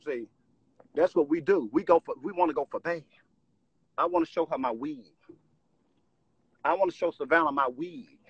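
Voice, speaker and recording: A man's voice: a little high, normal speed, pauses often, husky, dull audio. A man ranting on a live stream from home into his phone, agitated, repetitive and profane.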